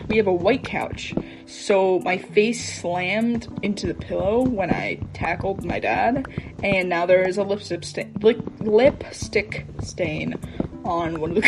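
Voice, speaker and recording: A young woman in her late teens chatting casually and excitedly, rambling with lots of fillers. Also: lowish voice, low-quality recording. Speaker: vlogger. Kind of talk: casual chat over gameplay. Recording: background music playing. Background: background music.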